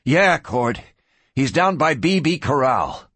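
A man doing an urgent, high-voiced young lad. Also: very animated, slow pace, slightly rough, no room sound, full character voice. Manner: urgent, shouting. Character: young male townsboy, urgent and excited.

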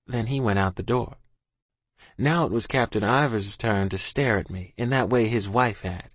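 A man's voice: fairly low pitch, normal speed, slightly rough, no room sound. A man reading a first-person audiobook in a plain, folksy storytelling manner. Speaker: audiobook narrator.

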